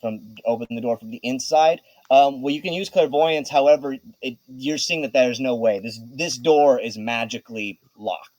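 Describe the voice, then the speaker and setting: A man's voice: mid-range voice, moderate pace, few pauses, a little mellow, rough recording. A man running a tabletop game as game master, talking hesitantly with many restarts.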